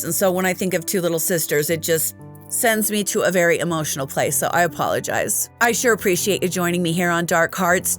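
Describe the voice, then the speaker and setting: A woman hosting a true crime show, telling the story straight to camera with candid personal asides. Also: medium pitch.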